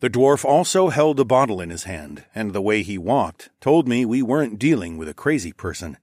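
A man narrating a first-person fantasy story in a steady, descriptive storytelling voice. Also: on the low side, normal speed, no room sound, clean studio sound. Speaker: audiobook narrator.

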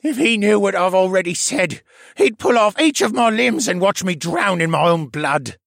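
A gravelly, husky bird-creature prisoner, put on by a male audiobook narrator, swinging from sneers to stammering pleas. The voice sits high and swoops widely. The sound is dry and close, with no room. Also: sing-song, normal speed, fairly bright tone, dry recording, full character voice. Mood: desperate. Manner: sneering, then pleading and stammering. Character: battered male bird demi-human prisoner, bitter and desperate. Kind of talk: audiobook character voice.

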